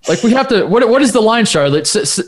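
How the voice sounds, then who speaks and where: A man's voice: sits high, expressive, fast. A man co-hosting a podcast from home, talking in loose casual chat. He rambles through his stories, restarts sentences and interrupts himself as he goes. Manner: rambling, self-interrupting storyteller. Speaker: podcast co-host. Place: home studio with his dog.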